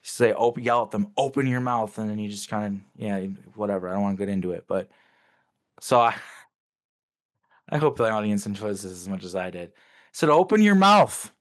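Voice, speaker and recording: A man's voice: fairly low pitch, brisk, long pauses. A man talking as an interview guest, recounting memories casually but intensely and swearing freely.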